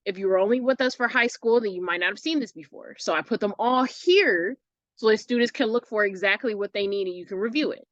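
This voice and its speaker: A woman's voice: medium pitch, dry recording, highs cut off. Casual woman teacher, dry close sound. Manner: casual, chatty, frequent "right?" and "um"; sounds out words slowly to show syllable stress. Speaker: online English teacher. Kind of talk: recorded lesson walkthrough.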